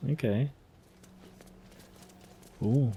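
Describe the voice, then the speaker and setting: A man giving casual, excitable gameplay commentary, laughing and swearing as he plays. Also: mid-range voice, very slow, slightly rough. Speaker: let's play host.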